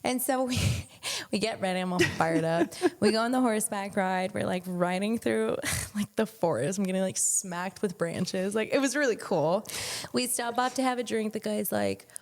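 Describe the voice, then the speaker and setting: A woman with a medium-pitched voice, speaking at a normal speed, is a guest on a podcast, telling stories in a casual chat. She's animated, laughs often and swears freely.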